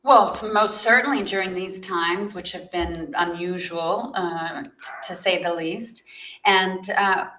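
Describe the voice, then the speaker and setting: A woman's voice: lowish voice, takes it slowly, sharp tone, echoey room, slight background noise, rough recording. A woman from South Africa, a guest on a talk show, chatting casually in an upbeat way and laughing often. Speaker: guest, magazine founder. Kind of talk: casual interview chat.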